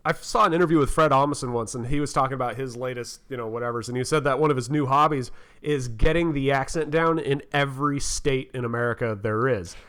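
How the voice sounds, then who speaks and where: A man's voice: mid-range voice, fast talker, fairly bright tone. Laid-back man musing in podcast chat. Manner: laid-back, musing, many fillers and playful impressions. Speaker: podcast co-host. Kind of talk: casual chat.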